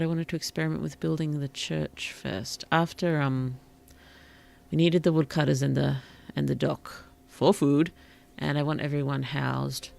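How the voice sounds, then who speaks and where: A streamer giving relaxed gameplay commentary in a gentle, whimsical, polite way, with puns and soft whispered asides. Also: mid-range voice, vocal fry. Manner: drops into soft whispers at times. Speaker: VTuber streamer and author.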